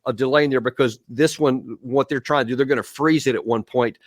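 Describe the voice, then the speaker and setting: A man's voice: mid-range voice, fairly even intonation, fairly quick, dry recording. A man talks viewers through video clips, pressing each point with emphasis and coaching them on what to listen for. His voice sits mid-range and sounds close and dry, with no room around it. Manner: emphatic, walks viewers step by step. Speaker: show host and commentator. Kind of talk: live commentary on video clips.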